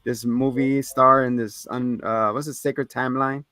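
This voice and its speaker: A man's voice: medium pitch, level tone, normal speed, sharp tone, no room sound, soft background music. A man co-hosting a podcast, casually recapping episodes in a rambling way, with fillers and laughs. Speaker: podcast co-host.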